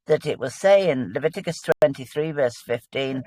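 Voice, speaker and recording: A woman's voice: rumbling low, expressive, moderate pace, mellow, slightly rough, no echo. A woman, a guest in a casual religious discussion, explaining with earnest enthusiasm.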